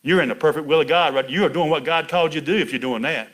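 A man's voice: on the high side, racing, a bit bright. A middle-aged man preaching a folksy sermon, chatty and laughing, calling out to people in the pews by name.

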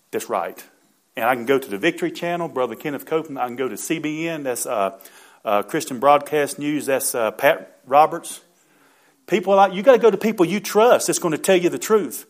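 Male pastor, middle-aged; fervent sermon delivery, frequent amens, surges to loud emphasis. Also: fairly high pitch.

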